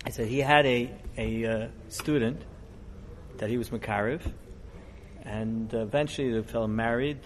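A middle-aged man, a rabbi, giving a storytelling sermon in a conversational, digressive way that grows animated as the story builds. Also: medium pitch, normal speed, a little hiss or hum.

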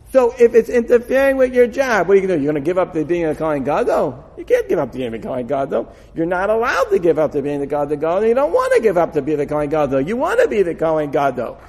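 A man giving an animated Torah lecture, acting out dialogue with frequent laughs. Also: sits high, fast. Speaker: Torah teacher. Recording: long hall reverb.

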